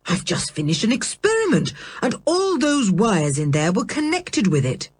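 A woman reading a storybook, voicing an absent-minded, irritable middle-aged male scientist who is vague and quick to anger. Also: sits high, wildly swooping pitch, slightly rough, dry recording, pitched above the performer's own voice, heavily acted. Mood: furious. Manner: vague, then sharply cross.

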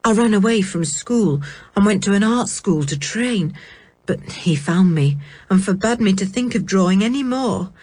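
A woman's voice: mid-range voice, lively intonation, moderate pace, darkish tone, breathy edge. A woman voicing a lonely, sullen boy who loves painting, in a storybook reading. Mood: wistful. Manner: bitter then eager.

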